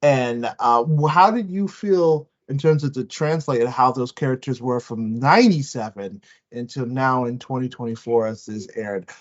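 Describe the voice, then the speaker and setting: A man co-hosting a podcast, chatting in an excited, rambling way with many restarts. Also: mid-range voice, moderate pace, lo-fi sound. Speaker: podcast co-host. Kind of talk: casual review chat.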